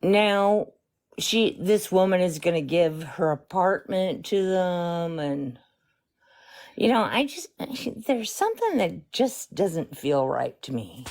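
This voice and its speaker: Woman on a live stream talking real slow, kinda suspicious, thinking out loud. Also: lowish voice, very animated. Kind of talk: casual chat.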